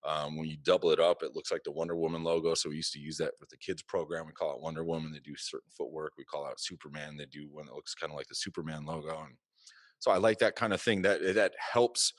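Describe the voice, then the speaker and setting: A man's voice: rumbling low, steady tone, fast talker, no echo, studio quality. A man who hosts the discussion and runs a martial arts gym, leading the talk in a thoughtful, casual way. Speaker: host. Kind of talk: casual chat.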